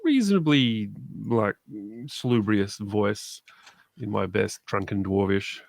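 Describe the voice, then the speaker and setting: A man's voice: on the low side, lively intonation, takes it slowly, gravelly, no echo. A man playing in a tabletop game, talking in a wry, hesitant way. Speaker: player. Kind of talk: casual tabletop chat.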